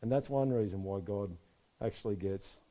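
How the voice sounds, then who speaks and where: Low-voiced pastor preaching. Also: male voice, moderate pace. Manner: swings from soft and low to loud and emphatic. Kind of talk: sermon.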